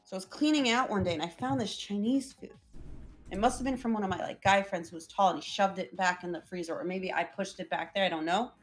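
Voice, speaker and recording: A young woman hosting a casual chat, telling family stories in an animated way and imitating her parents in raised voices. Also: mid-range voice, quick pace, faint music behind. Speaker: vtuber host.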